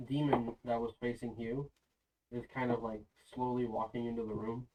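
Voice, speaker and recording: A man's voice: mid-range voice, level tone, normal speed, distant mic, muffled recording, slight background noise. Game master man a bit off-mic. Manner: loose, filler-heavy narration. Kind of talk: narrating a tabletop game.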